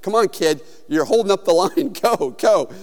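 A man's voice: high-pitched, expressive, moderate pace, a little mellow. A male pastor voicing a bossy, impatient haunted-house worker who hurries a scared kid along, in a reverberant hall.

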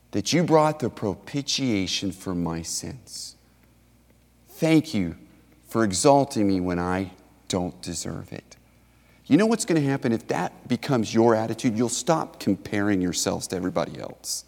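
A man in his thirties preaching a sermon, swinging from near shouts to soft, hushed pleading. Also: mid-range voice. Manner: impassioned, rising to near shouts then dropping soft and hushed. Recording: reverberant hall.

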